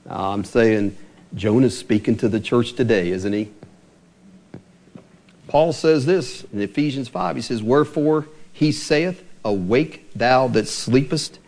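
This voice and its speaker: A middle-aged man preaching a sermon as pastor, animated and asking his listeners rhetorical questions. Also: mid-range voice, measured pace.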